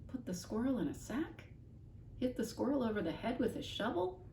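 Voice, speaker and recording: A woman voicing a bewildered storybook father in a squeaky, despairing voice. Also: sing-song, normal speed, dark tone, a little hiss or hum. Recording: echoey room, mic at a distance.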